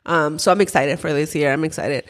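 Low-voiced woman, chatty and rambling. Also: fairly even intonation, a little fast. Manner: chatty, trails off and restarts mid-thought. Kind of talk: casual chat.

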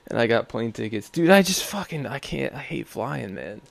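A man's voice: medium pitch, big pitch swings, a little slow, vocal fry. A young man hosting a podcast, talking in a rambling, profane, sardonic way. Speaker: podcast host. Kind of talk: casual solo podcast rant.

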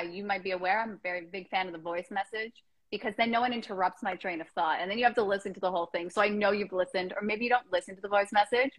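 Animated rambling woman, casual chat. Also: mid-range voice, no room sound, rough recording. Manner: animated, rambling, laughs often. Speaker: guest. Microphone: Instagram Live stream.

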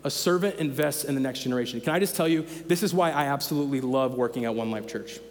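A man's voice: mid-range voice, fast talker, in a large hall. A man in his thirties preaching a sermon as pastor, conversational and emphatic, repeating his key phrases. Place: church sanctuary.

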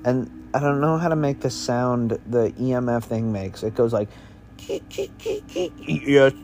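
A man's voice: mid-range voice, moderate pace, darkish tone. A man making up a spooky story as he goes, in a meandering, offhand, slangy way. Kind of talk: improvised spooky story narration.

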